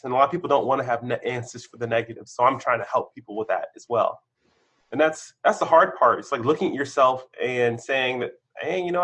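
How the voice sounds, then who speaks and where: A man with a husky voice gives a candid podcast interview. He tells his stories with animation, his voice jumping up in excitement and then sinking low and thoughtful. His pitch sits in an ordinary middle range. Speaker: podcast guest, senior engineer.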